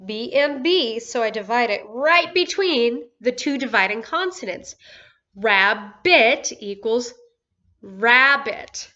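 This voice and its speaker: A woman teaching a phonics lesson to first graders, slow and patient, drawing out each word and praising often. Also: on the high side, expressive, sharp tone, muffled recording. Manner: slow, patient, drawn-out words with encouraging praise. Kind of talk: phonics lesson for young children.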